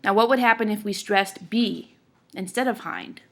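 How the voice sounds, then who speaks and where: A woman's voice: medium pitch, normal speed. A woman teacher giving a classroom lecture, explaining step by step in a patient way and often checking in with her students.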